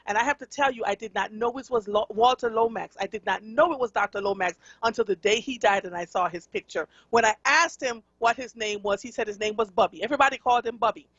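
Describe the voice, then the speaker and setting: A woman's voice: fairly high pitch, fast, few pauses, a bit bright, slightly rough, no room sound, highs cut off. A woman with a Jamaican accent hosting a radio talk show, speaking earnestly and conversationally with frequent fillers.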